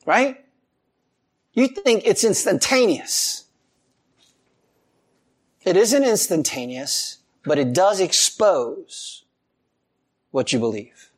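Male pastor mid-sermon; very lively, swooping pitch, expressive and animated. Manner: animated preaching with laughs and acted-out quotes.

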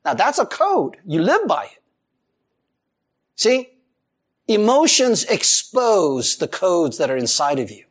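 Male pastor mid-sermon; very lively, swooping pitch, expressive and animated. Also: slow, pauses often, husky. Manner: animated preaching with laughs and acted-out quotes.

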